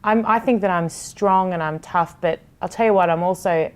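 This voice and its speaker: A woman's voice: on the low side, normal speed. A woman in her thirties who hosts a TV sports show, talking candidly and passionately in a casual podcast chat, swearing freely. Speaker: TV sports host, guest.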